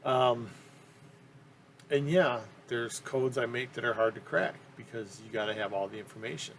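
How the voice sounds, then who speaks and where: Everyday man of middle pitch, chatty collector, rambly and keen, lots of ums, faint background hiss. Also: moderate pace, a bit bright. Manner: rambling, with many ums and restarts; enthusiastic. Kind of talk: casual interview talk.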